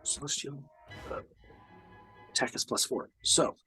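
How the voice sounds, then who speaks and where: A man's voice: medium pitch, flat delivery, measured pace, over music. A man playing a tabletop game, talking casually and hesitantly with frequent ums. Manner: casual, hesitant, many ums, laughs easily. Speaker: player.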